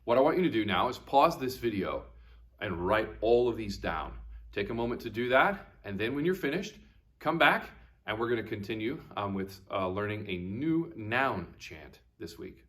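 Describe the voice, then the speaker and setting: A man's voice: lowish voice, expressive, fairly bright tone. Patient man teaching a video class. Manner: patient, repeats each word slowly for young students; encouraging teacher tone. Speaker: Latin teacher. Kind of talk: recorded video lesson.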